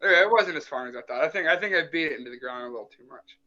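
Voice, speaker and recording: High, lively man teasing friends. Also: very fast. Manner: teasing, profane. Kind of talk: casual chat. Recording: lo-fi audio.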